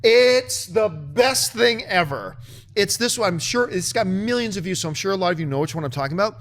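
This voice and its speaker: A man hosting a movie show, chatting casually and telling a story with lively mimicry of other people. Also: a little fast. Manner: animated storytelling, mimics others in high excited voice. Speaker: show host. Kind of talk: casual chat.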